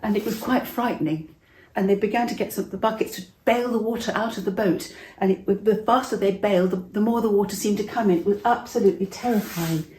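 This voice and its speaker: A woman's voice: mid-range voice, fairly quick, a little mellow, reverberant, low-quality recording. An older woman telling a Bible story to young children, chatty and interactive, asking them questions as she goes.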